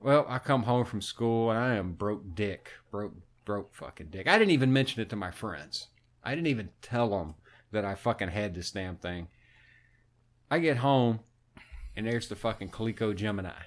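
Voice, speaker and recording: A man telling a story on a podcast, animated and swearing constantly in casual chat. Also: lowish voice, normal speed. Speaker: podcast co-host.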